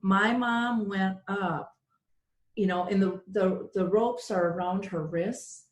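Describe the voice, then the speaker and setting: With a mid-range voice and a slow delivery, a middle-aged radio host tells a personal story from the heart, mimicking the voices of those in it. There's a roomy quality to the sound. She is sincere and emotional, and her quoted lines are lively.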